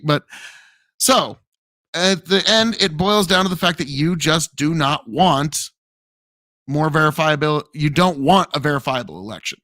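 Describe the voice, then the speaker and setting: A man's voice: on the high side, fairly bright tone, dry recording. A male debate show host arguing in a combative, sarcastic way.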